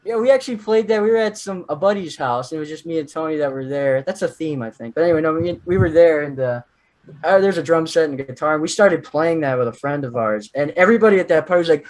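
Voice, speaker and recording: Brief: young male podcast co-host, high-pitched, lively anecdotes with voiced quotes. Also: fast. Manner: animated storyteller, acts out quotes, laughs often. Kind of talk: casual chat.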